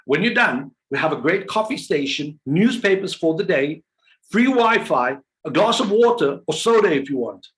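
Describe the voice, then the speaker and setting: A man giving an energetic business coaching talk, full of rhetorical questions and playful quoted voices. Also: on the high side, normal speed, few pauses.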